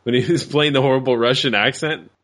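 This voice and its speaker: A man of middle pitch hosts a casual movie podcast, bantering quickly and swearing freely. He talks loosely and keeps the chat moving. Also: background noise. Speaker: podcast host.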